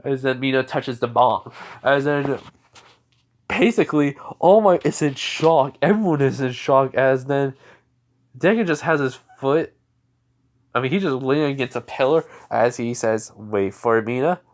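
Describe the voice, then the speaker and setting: A man's voice: mid-range voice, animated, unhurried. A man narrating an improvised fan story in a rambling way, full of fillers and restarts.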